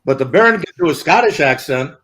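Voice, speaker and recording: A man's voice: fairly high pitch, animated, a little fast, a crowd in the background. Man making wry quips on a call. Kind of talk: casual group chat on a video call.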